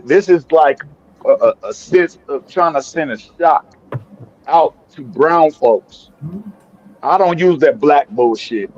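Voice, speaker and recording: A heated man argues on an online panel, swearing often and stumbling through repeated words. His voice sits fairly high. The call audio sounds dull and lo-fi. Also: darkish tone. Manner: heated, profane, stammering repeats. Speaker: panel guest. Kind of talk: heated live panel debate.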